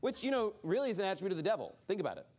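Racing along in a high-sitting voice, this man teaches Bible study in a relaxed, sermon-like way. He performs the voices of those he quotes, animated and full of casual "like"s.

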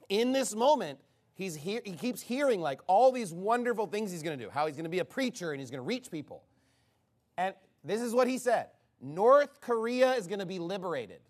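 A man preaching a sermon, retelling a story with mocking, incredulous sarcasm. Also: high-pitched.

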